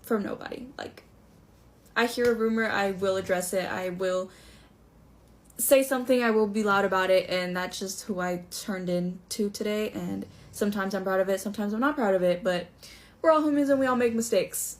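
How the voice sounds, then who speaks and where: A young woman shares a personal story in a casual story-time chat. Her voice sits at a medium pitch, and she talks earnestly and reflectively, with a firm edge. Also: moderate pace.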